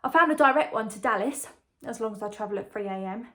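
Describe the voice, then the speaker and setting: Actress as a young woman, chatty, confiding, breezy, slightly high voice, dramatic monologue. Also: expressive, fast talker, sharp tone. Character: chatty young woman engaged to a condemned prisoner. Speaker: lead character in a monologue.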